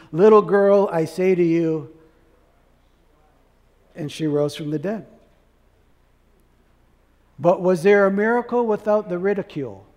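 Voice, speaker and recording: A man with a notably high voice delivers a sermon, pressing his listeners with rhetorical questions. His voice carries a long reverb, as if from a large church sanctuary. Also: a little mellow. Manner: preaching with rhetorical questions to the congregation. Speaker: pastor.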